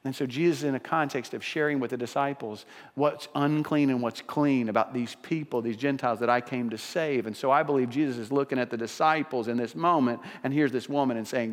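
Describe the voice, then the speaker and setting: A man's voice: medium pitch, fairly even intonation, moderate pace. A man preaches to his congregation in an earnest, emphatic way, circling back and restarting phrases as he presses each point home. His voice sits in an ordinary middle register. It rings out with the long reverb of a large church sanctuary. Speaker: pastor. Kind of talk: sermon.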